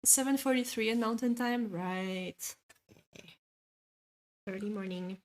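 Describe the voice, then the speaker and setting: Speaking slowly in a somewhat high voice, a woman streamer with a French accent draws while casually chatting, reading out and responding to comments. Her speech is hesitant and filler-heavy, broken up by frequent laughs.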